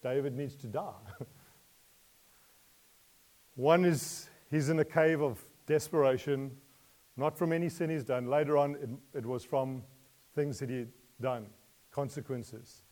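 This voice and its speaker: A man preaching a sermon. He asks his listeners questions, laughs lightly between points, and moves from quiet asides to loud emotional pleas. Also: mid-range voice, steady tone, a little slow, long pauses.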